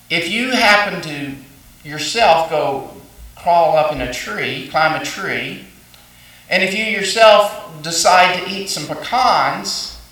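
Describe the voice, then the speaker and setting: Man preaching, bright voice, a bit high, heard from a distance in a roomy, echoey church. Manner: folksy storytelling with frequent fillers and restarts. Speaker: pastor. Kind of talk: sermon. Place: church sanctuary.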